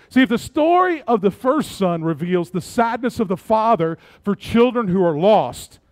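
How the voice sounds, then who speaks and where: A middle-aged male pastor preaching a sermon, swinging between soft, low passages and loud, emphatic ones. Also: no echo.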